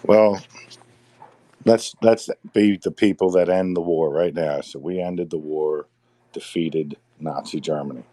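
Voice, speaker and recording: A man's voice: low voice, steady tone, a little slow, warm tone, no echo. A middle-aged man in casual podcast chat, rambling, repeating words and sighing between thoughts.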